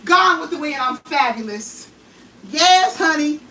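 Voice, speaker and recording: An American woman chatting casually while she cooks in her home kitchen, now and then calling out loudly across the house. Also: high-pitched, animated, a little slow. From United States. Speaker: cooking vlogger. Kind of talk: casual chat while cooking. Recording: echoey kitchen, mic at a distance. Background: food sizzling in a pan.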